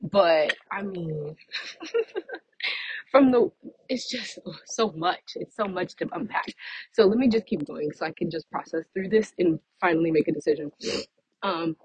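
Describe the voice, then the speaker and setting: A woman's voice: lowish voice, lively intonation, a little slow, long pauses, husky, no echo, low-quality recording. A young woman venting casually to her followers, chatty and exasperated, with laughing asides, a little out of breath from walking outdoors. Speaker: vlogger. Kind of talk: casual vent to camera.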